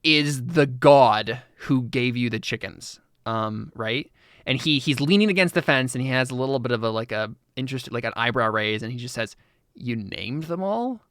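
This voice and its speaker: A man running a tabletop game as game master, narrating in a loose, chatty way with plenty of fillers. His voice is mid-pitched, and the recording is close and dry. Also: normal speed, fairly bright tone, dry recording. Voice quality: chatty, laughing, filler-heavy.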